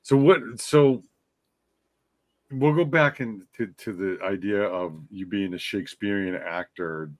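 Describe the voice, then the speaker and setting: A man hosting a podcast, joking and expressive in casual conversation. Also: fairly low pitch, measured pace, no echo. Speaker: podcast host.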